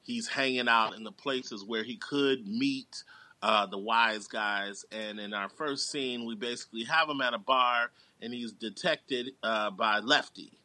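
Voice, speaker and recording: A man guesting on a podcast, walking through a movie plot in loose, rambling chat full of ums. His voice is very bright and forward, and it is recorded dry and close with no room sound. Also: mid-range voice, unhurried, dry recording. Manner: rambling recap with filler words, slips into quoted lines. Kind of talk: casual movie plot recap.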